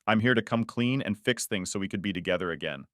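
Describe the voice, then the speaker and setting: Remorseful wife begging forgiveness, read by a male narrator, lowish, dry close sound. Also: fast talker, no echo, natural voice. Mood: pleading. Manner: pleading, apologetic.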